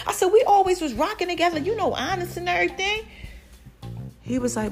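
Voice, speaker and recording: High-voiced chatty woman podcast host. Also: fast, faint music behind. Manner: chatty, animated, addresses listeners as babies. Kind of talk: casual storytelling monologue.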